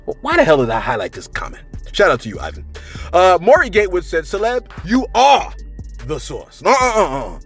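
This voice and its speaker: Animated, rambling male gossip host. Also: on the high side, fast talker, soft background music. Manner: rambling, reads viewer comments, frequent "you know what I'm saying". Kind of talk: casual chatty commentary.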